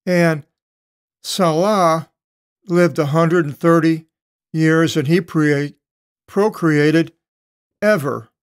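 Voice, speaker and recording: An older man leads a verse-by-verse Bible lesson, slow and halting, stopping often to correct himself. His voice sits a little high for a man. The sound is dry and close, with no room around it. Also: no echo. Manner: slow, halting reading with many pauses and self-corrections. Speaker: Bible translator teaching Greek text. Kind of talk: verse-by-verse Bible study commentary.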